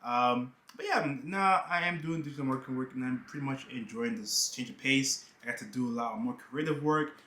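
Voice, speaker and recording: In a half-unpacked room cluttered with boxes and bags, a young New York YouTuber vlogs casually, joking with plenty of "you know" asides. His medium-pitched voice is brisk and sharp, with hardly any pauses. There's reverb and slight background noise.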